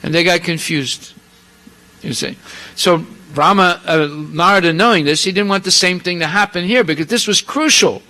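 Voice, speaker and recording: A male preacher telling scripture stories in an animated sermon, acting out the characters with asides to the audience. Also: sits high, normal speed, poor audio. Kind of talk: storytelling sermon.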